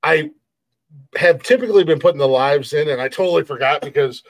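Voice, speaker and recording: A man's voice: fairly high pitch, a little fast, no room sound. A man hosting a live podcast, ranting angrily with heavy profanity and repeated phrases. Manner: heated, profane, repetitive, frustrated. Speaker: podcast host. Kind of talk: profane live-stream rant.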